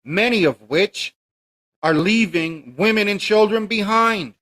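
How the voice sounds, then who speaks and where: A man's voice: high-pitched, measured pace, a bit bright. A man hosting a podcast monologue, preachy and indignant, firing rhetorical questions at his listeners. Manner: preachy and emphatic, keeps addressing listeners as folks. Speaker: podcast host.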